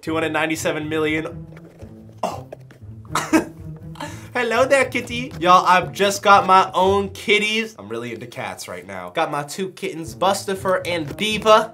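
A man hosting a reaction video, talking casually and excitedly in slang, often laughing and shouting. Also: high voice. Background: faint music from clips.

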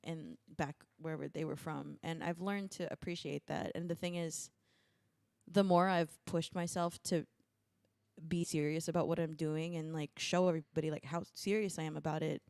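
Animated young woman on a dry mic. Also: low voice, moderate pace, creaky, no room sound. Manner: animated, mimics her parents in voices. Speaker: guest musician. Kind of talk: casual interview chat.

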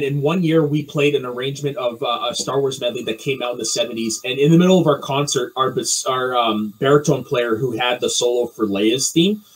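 Husky-voiced man telling a story. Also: mid-range voice, low-quality recording. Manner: storytelling, animated. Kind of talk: casual chat.

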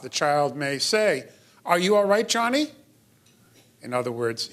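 A man's voice: medium pitch, a bit bright. A middle-aged man giving a lecture in a hall as a pediatrician, explanatory with wry asides. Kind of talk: lecture to an audience.

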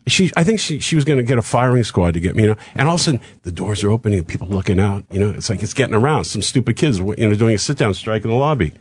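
An older man telling a long show-business story on a radio talk show, acting out the dialogue of the people in it with quick asides. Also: on the low side, slightly rough, no echo, studio quality. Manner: animated anecdote with acted-out dialogue and quick asides. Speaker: guest comedian telling a story.

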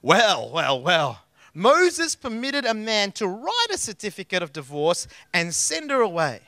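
A middle-aged man preaching with a high, forceful voice. He talks in an emphatic, conversational way and hammers home repeated phrases. The sound is dry and close. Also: very animated, moderate pace, no echo. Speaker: pastor. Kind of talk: sermon.

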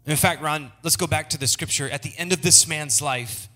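A middle-aged male pastor preaching a sermon, leading the congregation in call-and-response and swinging from low murmurs to soaring shouts. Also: moderate pace, soft background music.

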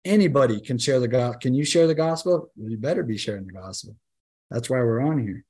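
A man's voice: mid-range voice, animated, fast, darkish tone, breathy edge. A man teaching a Bible study class in a conversational, emphatic way, often asking the group "right?" and restarting his sentences.

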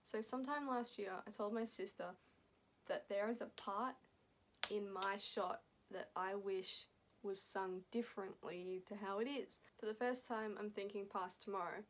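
A young Australian woman rambling excitedly in a casual reaction vlog, laughing often between thoughts. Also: medium pitch, a little slow. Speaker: vlogger.

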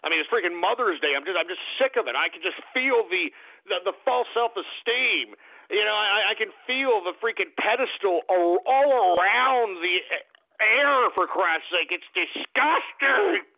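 A man's voice: high-pitched, lively intonation, normal speed, gravelly. A man hosting a radio show, ranting in exasperated, profane, stammering outbursts. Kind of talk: angry ranting monologue. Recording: tinny lo-fi phone-like sound.

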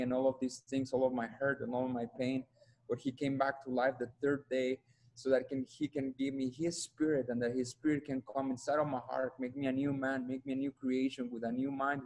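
A man's voice: mid-range voice, a little mellow, low-quality recording. A young man from Mexico, earnestly giving a personal testimony at a church and repeating words when moved. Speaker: testimony speaker.

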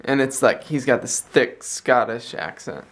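A man's voice: mid-range voice, lively intonation, unhurried, a bit bright. Young guy rambling thru a story for his vlog, voice bounces all over, keeps fixing his words. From United States. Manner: chatty, rambling, self-correcting. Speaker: vlogger.

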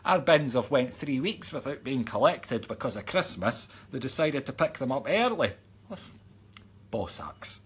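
A man's voice: medium pitch, expressive, normal speed, few pauses, husky. A Scottish man chatting casually on a live stream, reading out viewers' comments and going off on joking rants, now and then dropping to a mock whisper. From Scotland. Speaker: psychic medium reading live chat comments.

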